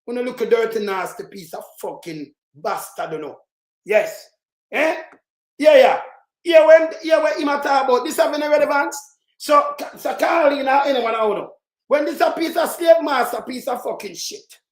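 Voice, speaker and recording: A speaker with a Jamaican accent giving an angry, profane political rant that keeps breaking into shouts. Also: sits high, normal speed. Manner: profane, heated, shouts in bursts. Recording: roomy echo.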